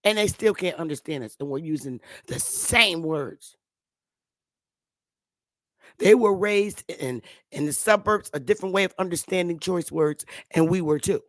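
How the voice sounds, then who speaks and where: A woman's voice: fairly low pitch, animated, measured pace, dry recording, clean studio sound. A middle-aged woman from Connecticut hosting an online talk show, delivering an insistent livestream monologue and hammering her points home by repeating them. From Connecticut, United States.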